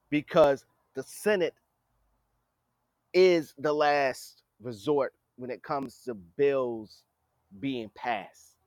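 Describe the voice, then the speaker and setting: A man's voice: a little high, no room sound. A man hosting a podcast, giving a blunt political commentary monologue and scolding leaders directly as if they were listening. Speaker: podcast host.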